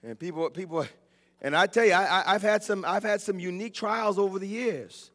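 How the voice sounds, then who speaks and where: A man preaching a sermon, telling the story dramatically and building up to shouted points. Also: high-pitched, brisk. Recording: long reverb of a large hall.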